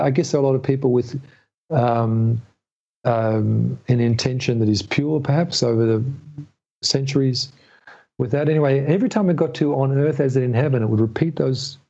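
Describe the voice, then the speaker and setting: A man's voice: medium pitch, moderate pace, dark tone. A middle-aged man telling a long personal story as a podcast guest, rambling with many restarts. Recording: dull lo-fi audio.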